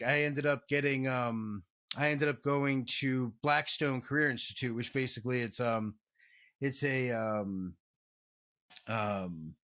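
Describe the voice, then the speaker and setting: A man's voice: medium pitch, a bit bright. A man, a podcast guest, telling stories in a loose, profane, casual way, full of "like" and "um". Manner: profane, loose, filler-heavy talk. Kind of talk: casual storytelling in an interview.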